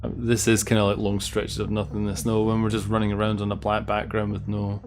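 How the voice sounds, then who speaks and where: A man's voice: on the low side, completely flat delivery, fairly quick. Sardonic man rambling over game music. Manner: rambling, sardonic, swears often. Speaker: let's play host. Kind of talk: casual gameplay commentary. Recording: game music clear behind voice.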